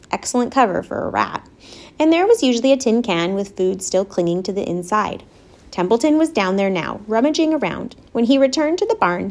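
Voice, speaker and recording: A woman narrating a children's storybook aloud in an expressive, measured way. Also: mid-range voice. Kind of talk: storybook reading.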